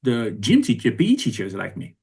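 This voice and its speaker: Man, low voice. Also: wildly swooping pitch, a little fast, vocal fry, warm tone, breathy edge. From Haiti. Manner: reflective, conversational, with frequent restarts. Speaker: guest. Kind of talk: personal storytelling interview.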